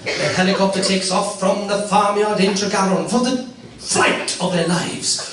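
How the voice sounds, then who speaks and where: Male comedian, high voice, echoey hall, distant mic, noisy room. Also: steady tone, normal speed, fairly bright tone. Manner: chatty, acts out characters in funny voices. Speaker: comedian telling a joke. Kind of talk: live stand-up storytelling. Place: concert hall.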